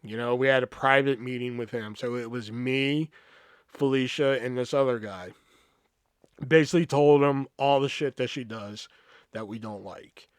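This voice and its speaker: A man hosting a podcast, telling a story in a casual, animated, profane way and acting out the quoted voices. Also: medium pitch, moderate pace, clean tone, no room sound, clean studio sound. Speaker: podcast host.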